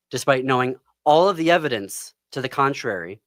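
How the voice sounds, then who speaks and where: A man hosting a podcast, ranting with anger about politics, breaking off with sighs and pauses. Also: medium pitch, expressive, a bit bright, no echo, clean studio sound. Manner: angry, pauses and sighs, near tears. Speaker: podcast host. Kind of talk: impassioned political commentary. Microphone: close studio microphone.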